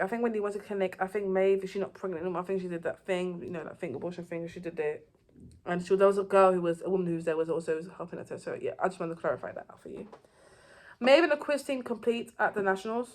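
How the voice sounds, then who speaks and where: A woman giving a casual, rambling recap of a TV season, with loose phrasing and frequent restarts. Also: mid-range voice. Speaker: TV show reviewer.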